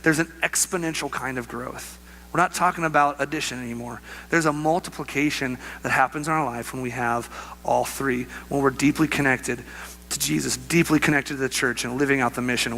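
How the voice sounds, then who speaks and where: A young adult man preaching a sermon, telling a personal story with lively acted-out voices and laughter. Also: mid-range voice, slight background noise. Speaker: pastor.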